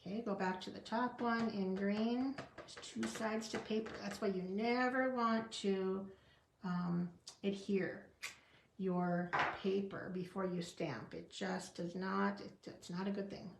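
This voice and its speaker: A woman talks slowly through a card-stamping tutorial, her voice a little gravelly. She chats to herself as she works, in an echoey room with a faint hiss behind her. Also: medium pitch, steady tone. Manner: chatty, talks to herself while working, small laughs. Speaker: card-making demonstrator.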